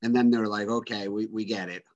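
A man's voice: fairly low pitch, steady tone, a little fast, darkish tone, lo-fi sound. A man on a casual movie podcast, retelling scenes and acting out the characters' lines.

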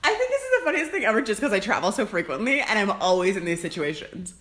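A woman in casual chat, a playful listener who teases and adds quick remarks. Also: medium pitch, big pitch swings, a bit bright.

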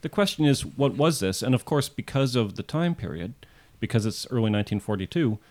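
A man in a casual podcast chat, walking his co-hosts through events point by point. His delivery is steady and measured, at a middling pitch. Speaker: podcast co-host. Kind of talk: casual history podcast storytelling.

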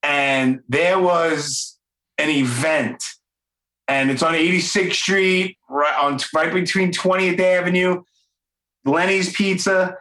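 A man's voice: on the high side, slow pace, roomy sound, poor audio. A man with a thick Brooklyn accent hosting a podcast, telling stories animatedly in casual chat. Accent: Brooklyn, New York. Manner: animated storyteller, laughs easily. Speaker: podcast host.

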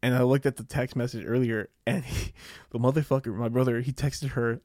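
A man's voice: medium pitch, fairly even intonation, fairly quick, darkish tone, no room sound, clean studio sound. A young man hosting a podcast, telling a personal story in a rambling way, with many fillers, casual swearing and laughing at himself. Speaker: podcast host.

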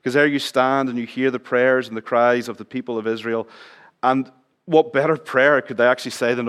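A middle-aged man preaching a sermon in church, chatting with the congregation, asking them questions and dropping his voice low for emphasis. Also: fairly quick, fairly bright tone. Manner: conversational, asks the congregation questions, drops to near whisper for emphasis. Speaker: pastor.

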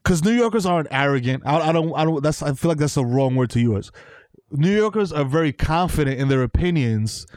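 Animated high-voiced New York man. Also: brisk, dry recording, studio quality. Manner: animated, says yo a lot. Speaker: podcast co-host. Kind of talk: casual comedic banter.

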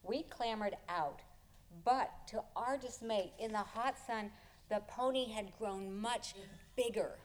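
A woman telling a personal story live. She tells it expressively, often chuckling, in a slightly high voice. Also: animated, unhurried.

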